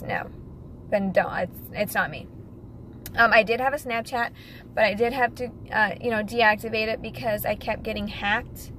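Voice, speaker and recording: A woman's voice: mid-range voice, fairly bright tone, slight background noise, rough recording. Chatty young woman vlogging to viewers. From United States. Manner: chatty, giggly, talks straight to viewers. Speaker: model and vlogger. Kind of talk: casual chat to camera.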